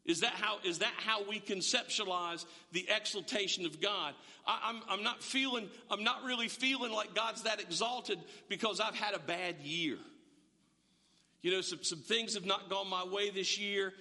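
A middle-aged man preaching a sermon in a lively, conversational way, often restarting his sentences. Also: high-pitched, moderate pace. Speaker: pastor. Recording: reverberant church hall.

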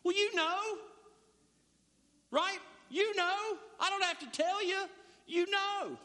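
Guy doing a whiny high-voiced husband, evasive, keeps saying you know, echoey hall. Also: takes it slowly, bright, forceful tone, exaggerated voice. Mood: defensive. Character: defensive husband brushing off his wife.

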